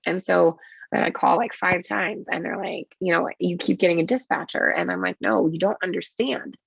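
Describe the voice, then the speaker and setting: Gravelly low-voiced woman telling a story. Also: no echo. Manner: swearing, quick and vivid, acts out her own quotes. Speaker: nurse, podcast guest. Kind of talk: casual storytelling interview. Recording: dull lo-fi podcast audio.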